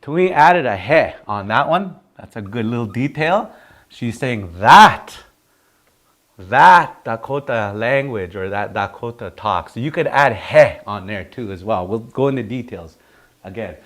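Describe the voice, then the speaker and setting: Lively, animated man teaching a class. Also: medium pitch, moderate pace. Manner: animated and chatty, often laughing, acting out how phrases should sound. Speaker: language teacher.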